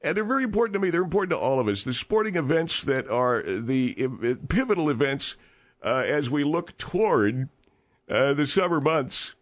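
A man's voice: a little high, animated, moderate pace, lightly acted. A man playing a rambling, self-important steakhouse owner in a radio comedy monologue. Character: boastful older male steakhouse owner, rambling.

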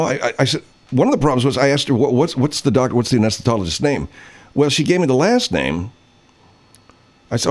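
This man is a radio host past fifty with a medium-pitched voice, casually spinning a meandering, foul-mouthed story and doing voices for the people he quotes.

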